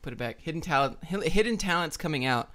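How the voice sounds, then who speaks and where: A man's voice: on the high side, animated, quick pace, pushed and bright. A young adult man hosting a livestream, answering viewer questions in a blunt, joking, offhand way. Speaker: livestream host. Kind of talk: casual chat reading viewer questions.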